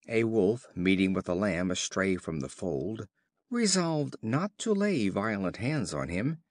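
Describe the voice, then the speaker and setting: Man reading fables aloud, slow and clear, lively pitch, dry close sound. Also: no room sound. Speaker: storyteller. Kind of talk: scripted fable narration for learners.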